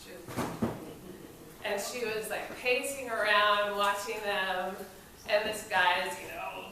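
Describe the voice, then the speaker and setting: A woman recounts an old anecdote in a slow, casual way, often laughing and cursing as she tells it. Her voice comes from far off in a very echoey room. There is a steady hum of noise behind her. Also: medium pitch. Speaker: storyteller at a memorial event. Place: event space during a film screening.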